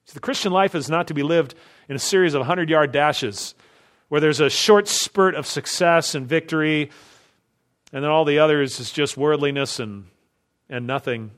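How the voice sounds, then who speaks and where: A man's voice: fairly high pitch, normal speed, fairly bright tone. A man preaching an expository sermon, driving his points home with emphatic strings of rhetorical questions. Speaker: pastor.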